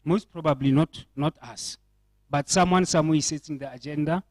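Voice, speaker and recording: A man's voice: a little high, a little fast, no echo, rough recording. A man from South Africa with a South African accent, speaking earnestly at a panel discussion and often restarting his phrases and asking rhetorical questions. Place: indoor event.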